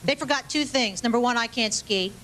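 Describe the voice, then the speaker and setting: A woman's voice: fairly high pitch, fairly quick. A woman performing a stand-up comedy set on a club stage, with punchy, self-deprecating delivery and mock asides to the audience. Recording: live club recording with loud crowd and noise. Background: loud audience laughter and noise.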